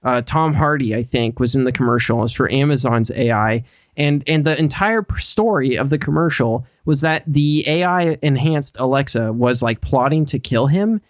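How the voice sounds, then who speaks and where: A man's voice: medium pitch, moderate pace, dry recording. A man co-hosting a podcast in casual chat, rambling and swearing, with lots of "like" fillers. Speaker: podcast co-host.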